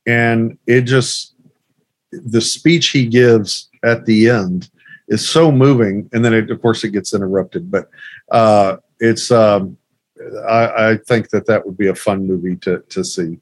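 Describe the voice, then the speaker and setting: Male co-host, casual chat, halting with fillers, dry mic. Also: on the low side, dry recording. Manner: hesitant, many fillers, trails off quietly. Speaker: podcast co-host.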